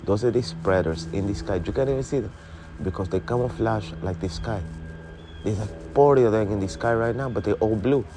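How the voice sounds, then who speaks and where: A man chatting casually outdoors on a cold morning, animated, sprinkling his talk with "honey" and "man.". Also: on the low side, fairly quick, background noise. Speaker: vlog co-host. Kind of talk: casual banter while doing chores.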